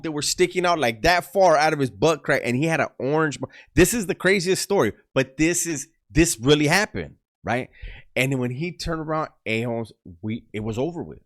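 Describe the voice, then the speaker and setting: A man's voice: fairly high pitch, moderate pace. Laughing man telling a street story. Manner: laughs often, streetwise slang, lively retelling. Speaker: YouTuber. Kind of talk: casual storytelling.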